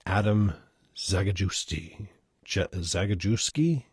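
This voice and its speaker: Deep-voiced, rambling man storyteller. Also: slow pace, long pauses, darkish tone, slightly rough, no echo, clean studio sound. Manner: rambling, self-deprecating, stumbles over words. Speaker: storyteller reading listener requests. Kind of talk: casual live-stream reading.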